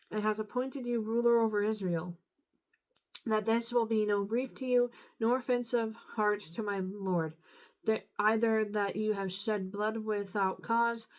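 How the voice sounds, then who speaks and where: A tired woman reading scripture aloud, unhurried, now and then stumbling and apologizing. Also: medium pitch, low-quality recording. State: tired, yawning. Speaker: Bible reader.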